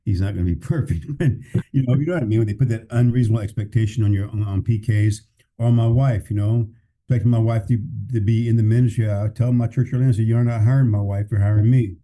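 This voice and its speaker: A man's voice: on the low side, quick pace, dark tone. A man who is a pastor, speaking candidly and plainly in a casual podcast conversation, often restarting his sentences. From California.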